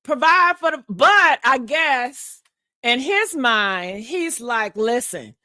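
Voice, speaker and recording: A woman's voice: high-pitched, animated, takes it slowly, bright, forceful tone, dry recording, clean studio sound. A woman vlogger casually telling a personal story to her viewers, frank and profane, laughing often.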